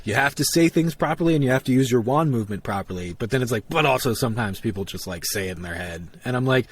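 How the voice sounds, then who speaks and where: A man in casual podcast chat with a lively, bouncing pitch. He sounds nerdy and animated and keeps breaking into playful voices to act out quotes. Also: fast, slight background noise. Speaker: podcast co-host.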